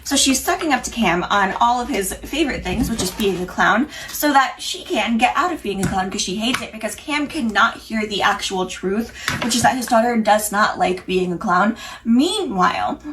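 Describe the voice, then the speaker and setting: A woman's voice: on the high side, poor audio. A young woman chatting casually to camera, recapping TV episodes in a rambling, opinionated way with frequent restarts. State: has the hiccups. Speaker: pop culture commentator.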